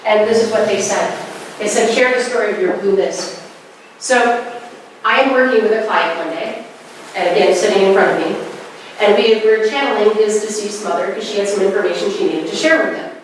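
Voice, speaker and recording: A woman in her forties giving a spiritual talk, telling stories in a lively way and acting out quoted lines. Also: medium pitch, fairly quick. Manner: animated storytelling with acted quotes. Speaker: spiritual speaker. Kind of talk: conversational talk. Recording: echoey room, distant mic, faint noise.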